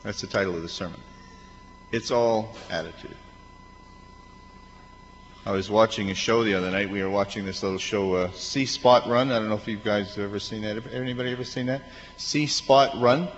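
Male pastor, mid-pitched, conversational sermon with playful quoted voices, dull hall recording with long reverb. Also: fairly bright tone. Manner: conversational, asks the congregation questions.

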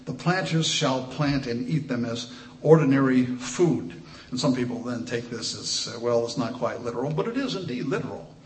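A man's voice: mid-range voice, animated, roomy sound, slight background noise. Man preaching with emphatic scripture reading. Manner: reads scripture slowly and emphatically, asides with restarts.

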